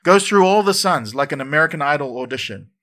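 A man preaching a sermon in church, lively and conversational, often repeating words and adding asides. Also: fairly high pitch, fast talker. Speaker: pastor.

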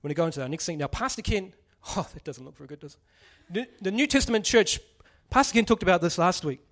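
A man's voice: high-pitched, animated, fast talker, fairly bright tone. Chatty man preaching. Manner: chatty, jokey, asks the audience questions. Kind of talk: casual sermon.

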